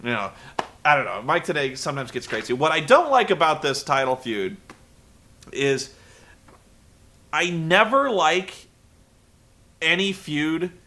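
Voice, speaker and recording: A man gives a casual, sarcastic wrestling recap in a bright, fairly high voice. He wanders off topic and swears freely. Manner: rambling, profane, sarcastic. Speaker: podcast host.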